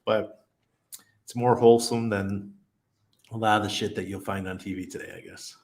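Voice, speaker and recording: A middle-aged man with a lowish voice hosts a relaxed live stream. He talks in an easygoing, chatty way, chuckles often, and reads viewers' messages aloud. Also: normal speed. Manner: laid-back, chatty, laughs often, reads chat aloud. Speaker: crypto livestream host. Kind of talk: casual live stream chat.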